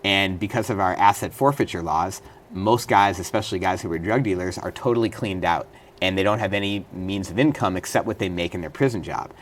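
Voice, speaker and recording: Deep-voiced man telling his story earnestly. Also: brisk, a little hiss or hum. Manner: earnest, detailed storytelling with occasional restarts. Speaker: interview guest, former state senator and prisoner. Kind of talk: studio interview.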